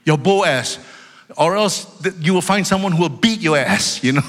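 Brief: male pastor, high bright voice, emphatic sermon, big reverberant church hall. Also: expressive, normal speed, noisy background. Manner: emphatic, loud, swings between shouting and low storytelling asides. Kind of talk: preaching a sermon. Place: church sanctuary. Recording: long reverb of a large hall.

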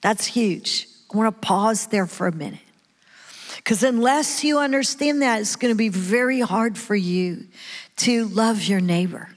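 Woman preacher, high voice, unhurried, animated, calls out to the room; long hall reverb. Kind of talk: sermon.

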